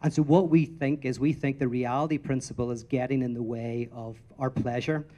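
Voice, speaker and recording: A man's voice: mid-range voice, brisk. A man answering audience questions in a rambling, lecture-style talk, acting out the voices of the stories he tells. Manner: rambling and animated, acts out quotes in storytelling.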